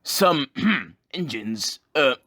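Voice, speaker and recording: A man voicing a calm, knowing old male engine who teases the others in a measured, chuckling way. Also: mid-range voice, full character voice. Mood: teasing.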